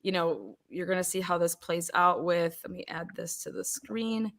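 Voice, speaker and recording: A woman hosting an interview over a video call, chatting in a lively way and often quoting her own reactions. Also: lowish voice, moderate pace. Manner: chatty, animated, quoting herself. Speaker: host. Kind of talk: casual interview chat.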